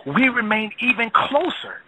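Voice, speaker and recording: High, bright-voiced male radio host. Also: big pitch swings, husky, no room sound, low-quality recording. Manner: earnest, halting, repeats words. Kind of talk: casual chat.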